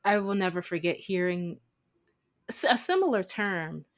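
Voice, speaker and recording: A woman's voice: on the low side, animated, normal speed. A woman co-hosting a casual film podcast, speaking in a thoughtful, earnest way. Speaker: podcast co-host.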